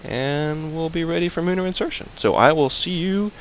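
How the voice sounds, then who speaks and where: A man's voice: fairly high pitch, moderate pace, a little hiss or hum, poor audio. A man giving casual, chatty commentary while playing a game, playful and prone to humming and repeating fillers. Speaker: let's play host.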